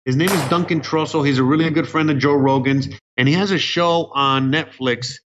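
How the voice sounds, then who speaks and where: A man's voice: on the high side, fairly even intonation, a little fast, background noise. A young man co-hosting a podcast, rambling and swearing in casual chat. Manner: rambling, profane, jokey. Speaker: podcast co-host. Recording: muffled lo-fi podcast audio.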